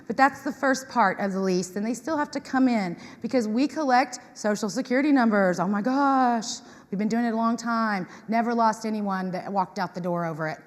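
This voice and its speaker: A woman giving a lively talk to an audience, acting out customers in quoted voices. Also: fairly high pitch, normal speed. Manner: animated, acts out tenants in quoted voices. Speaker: conference speaker on property management. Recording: reverberant hall.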